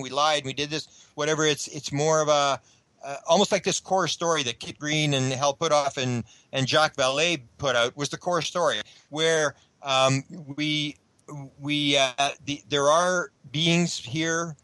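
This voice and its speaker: Guy guest on a radio interview, kinda high voice, rambles a lot, dry sound. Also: bright, forceful tone, dry recording, poor audio. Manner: rambling, many restarts. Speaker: guest researcher.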